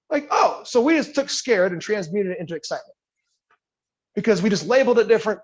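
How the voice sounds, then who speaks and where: A man's voice: high-pitched, sing-song, fast talker, slightly rough, highs cut off. A man leading a live workshop as a coach. He talks conversationally, often checks in with "right?", and acts out little scenes in different voices. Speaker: leadership coach. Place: yoga studio.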